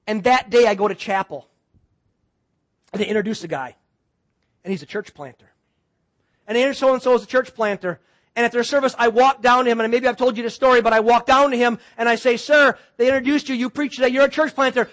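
A man from Wisconsin, a pastor preaching a sermon, telling a story in an animated way and acting out the people in it. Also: very high-pitched.

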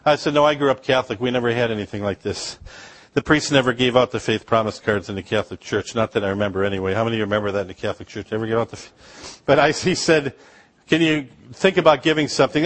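Man from upper michigan, middle-aged missionary, church storyteller, chatty asides, mid pitch. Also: fast talker. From Upper Michigan, USA. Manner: anecdotal storytelling with laughs and asides to the congregation. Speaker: missionary speaker. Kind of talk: humorous missions sermon.

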